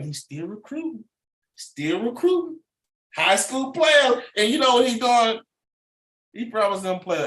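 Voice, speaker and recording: Animated, rambling man in an echoey room. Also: extremely high pitch, a little slow. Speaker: sports channel host. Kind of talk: casual sports commentary.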